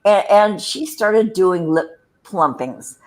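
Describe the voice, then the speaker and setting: A woman's voice: medium pitch, animated, slow. A woman co-hosting a casual chat, telling rambling, wry anecdotes full of fillers. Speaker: co-host.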